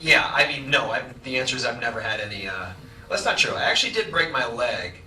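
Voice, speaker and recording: A man answering an audience question on stage, rambling and halting, laughing at himself. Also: mid-range voice, expressive, bright, forceful tone, slight background noise. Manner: rambling, self-amused, halting. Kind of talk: live Q&A answer. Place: large cinema hall at a live event. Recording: echoey hall, distant mic.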